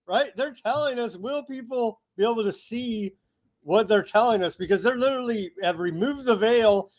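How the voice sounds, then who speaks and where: Man, host, high voice, eager, agreeable, asks questions. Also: normal speed. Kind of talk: interview conversation.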